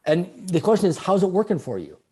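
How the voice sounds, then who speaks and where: Lively storytelling man, high-pitched. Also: a little fast, breathy edge. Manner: animated, repeats phrases for emphasis. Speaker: guest speaker. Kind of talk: storytelling in a conversational interview.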